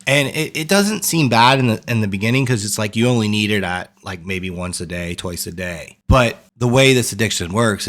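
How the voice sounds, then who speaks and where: A man's voice: on the low side, fairly bright tone. A man, a coach, telling his own story candidly to the camera, earnest and rambling, often repeating phrases for emphasis.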